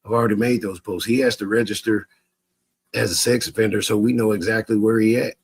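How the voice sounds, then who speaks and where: A man's voice: on the low side, fairly even intonation, fairly quick, husky. A man in a profane livestream rant, cursing heatedly and mocking his critics with bursts of laughter. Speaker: social media streamer.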